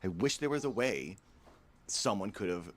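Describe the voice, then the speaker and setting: A man's voice: fairly low pitch, expressive, normal speed, a bit bright. A man telling a personal story in a vlog, in a somber, earnest way.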